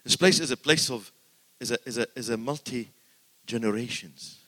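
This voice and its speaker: An older man preaching in a church, his bright, forceful voice ringing through a long hall reverb. He swings from loud, exclaiming peaks to hushed asides and repeats words for emphasis. His pitch sits at an ordinary middle for a man. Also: moderate pace. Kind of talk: sermon.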